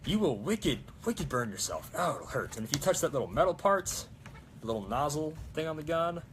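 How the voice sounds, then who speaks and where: A man's voice: fairly high pitch, brisk, a little hiss or hum. Rambling young man. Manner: rambling, excitable, many fillers. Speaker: prop-making vlogger. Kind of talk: casual crafting vlog chat.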